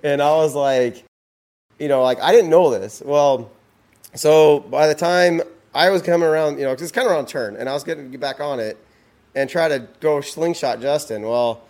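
A man's voice: a little high, moderate pace, darkish tone. Rambling man telling a story. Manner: rambling, many restarts and "you know"s. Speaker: podcast guest. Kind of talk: casual storytelling.

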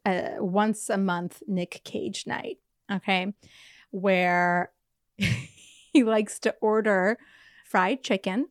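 A woman's voice: mid-range voice, fairly even intonation, very slow, dry recording. Chatty young woman co-host, loose and profane storyteller, close dry sound. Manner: chatty rambling storyteller, swears freely. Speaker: podcast co-host. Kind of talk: casual chat.

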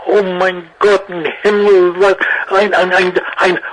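A man's voice: high voice, unhurried, crowd noise, voice pushed up, poor audio. A man putting on a thick mock German accent as a gushing, over-the-top character. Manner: over-the-top, excited exclamations.

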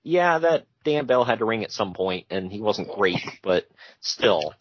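A man's voice: on the low side, sing-song, unhurried, a little hiss or hum. A man co-hosting a podcast, casually recapping wrestling with jokey asides and frequent laughs. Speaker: podcast co-host. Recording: dull lo-fi sound.

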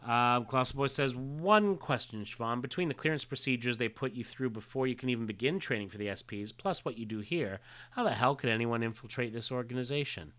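Relaxed man reading a comic aloud. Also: mid-range voice, brisk, few pauses. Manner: relaxed, hesitant with fillers, reads quotes plainly. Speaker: podcast co-host.

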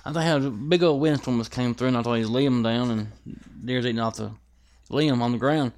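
A man's voice: medium pitch, brisk, darkish tone. A man with a drawl swaps stories on a podcast mic. His voice sits in an ordinary middle range. He tells things with lots of profanity and acts out every scene. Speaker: guest. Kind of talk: casual storytelling chat.

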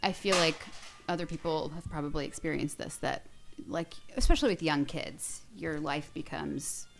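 A woman's voice: deep voice, moderate pace, creaky, soft background music. A woman in her thirties co-hosting a podcast, chatting casually and bantering with a joking manner. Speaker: podcast co-host. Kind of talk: casual chat.

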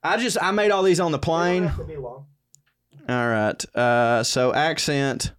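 Sweary rambling man, pitched a bit high. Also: slow pace, a bit bright. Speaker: podcast co-host. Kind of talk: casual comedy chat.

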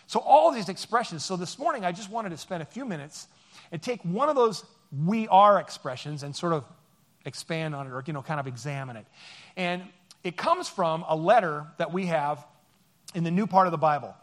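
Chatty high-voiced man preaching. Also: lively intonation, normal speed, a bit bright. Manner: joking, rambling, chatty with many fillers. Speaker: pastor. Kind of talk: conversational sermon.

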